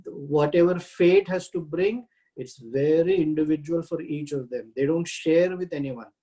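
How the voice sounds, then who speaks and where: A man teaching a scripture class, reciting Sanskrit verses and translating them with many halting pauses. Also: fairly high pitch, mellow, rough recording. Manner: halting, frequent "uh" pauses while explaining.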